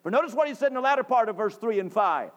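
A man from North Carolina, preaching a sermon emphatically, repeating phrases and rising to shouts. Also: sits high, lively intonation, very fast. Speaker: pastor. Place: church sanctuary.

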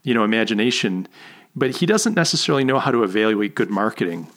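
A man's voice: lowish voice, expressive, fast talker, fairly bright tone. A man hosting a podcast interview, chatty and friendly in tone, laughing at his own jokes. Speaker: podcast host. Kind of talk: casual interview chat.

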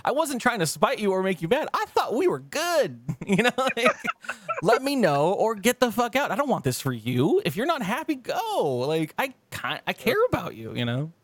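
A man co-hosting a casual podcast chat, rambling and swearing, his pitch jumping high when he quotes himself. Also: wildly swooping pitch, moderate pace, no room sound. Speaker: podcast co-host.

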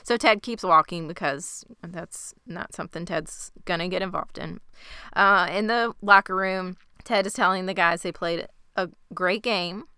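A woman's voice: on the low side, unhurried, clean tone, no room sound, clean studio sound. A woman co-hosting a casual chat, walking through scenes step by step as she narrates. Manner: steady storytelling narration of scenes. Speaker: podcast co-host.

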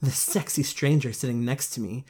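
A woman's voice: rumbling low, moderate pace, warm tone, husky. A woman co-hosting a podcast, reading a book summary aloud and cracking jokes in casual banter. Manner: joking, reads summary aloud. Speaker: podcast co-host.

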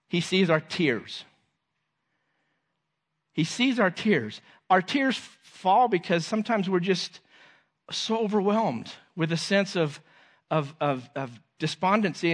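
A man with a slightly raised voice delivers an earnest sermon. He repeats key phrases and lets his sentences drop gently and quietly at the close. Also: high-pitched. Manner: earnest, repeats phrases, drops softly at ends of lines. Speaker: preacher.

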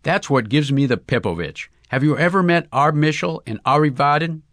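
A man's voice: mid-range voice, big pitch swings, unhurried, a bit bright, dry recording. A man putting on a boisterous Russian celebrity. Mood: peevish. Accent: put-on Russian. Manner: broken English, effusive and exclamatory.

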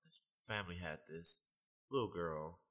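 A young man being interviewed, telling animated stories and laughing often in casual talk. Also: sits low, moderate pace, poor audio. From United States. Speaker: guest, fitness trainer.

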